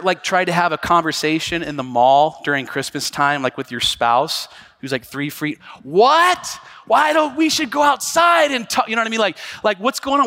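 A pastor preaching a conversational sermon to a church congregation, acting out quotes with sudden loud bursts and joking asides. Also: male voice. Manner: animated, acts out quotes with big jumps in pitch and volume. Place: church sanctuary.

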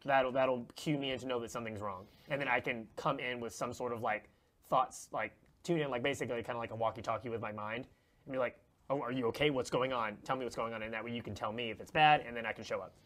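A man playing a tabletop game, working out his ideas aloud with many pauses and restarts. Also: mid-range voice, fairly even intonation, fairly bright tone. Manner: halting, full of fillers and restarts. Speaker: player. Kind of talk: casual tabletop play.

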